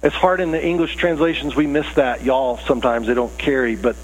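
A man's voice: mid-range voice, steady tone, fairly quick, rough recording. A man preaching a conversational sermon, earnest and casual with rising emphasis. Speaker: pastor.

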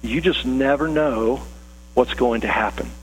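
A man preaching a sermon and telling a story in a relaxed, conversational way, with fillers and restarts. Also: mid-range voice, measured pace, faint music behind. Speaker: pastor. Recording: long reverb with faint hum.

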